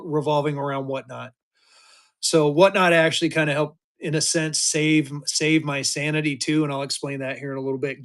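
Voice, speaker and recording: A man, chatting casually and rambling through a live-stream auction as its seller. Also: a little high. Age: 50s. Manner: rambling, chatty, with many restarts and fillers.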